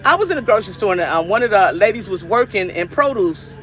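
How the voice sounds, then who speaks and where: A woman's voice: mid-range voice, animated, quick pace, faint music behind. A middle-aged woman from the United States, hosting a cooking live stream and talking to viewers in an emphatic, repetitive, preachy way. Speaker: livestream cooking host.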